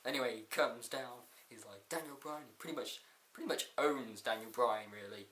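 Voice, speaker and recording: A man's voice: mid-range voice, moderate pace, a bit bright, reverberant. A man casually reviewing a wrestling show, laughing often and rambling through a recap with quoted lines.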